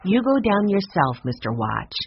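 A woman's voice: medium pitch, sing-song, normal speed, dull audio, a little hiss or hum, voice pushed up. A woman voicing a sensible, caring older girl in an audiobook reading.

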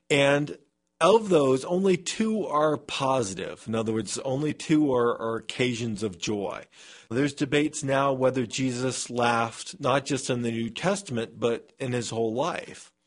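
A man's voice: mid-range voice, expressive, measured pace. A man, a scientist, being interviewed on public radio from a remote studio, talking with hesitant restarts.

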